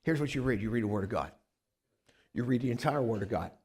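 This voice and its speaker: A man's voice: mid-range voice, animated, fast talker, a little mellow, slightly rough. A middle-aged man preaching as a pastor, with a conversational storytelling manner that often repeats words at the start of sentences. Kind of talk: storytelling sermon. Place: church sanctuary.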